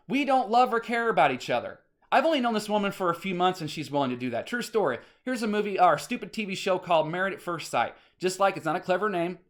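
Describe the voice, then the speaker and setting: A man's voice: on the high side, fairly bright tone. A man ranting in a casual vlog monologue, rambling and swearing as he gets worked up. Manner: agitated, rambling, swears often. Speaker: vlogger.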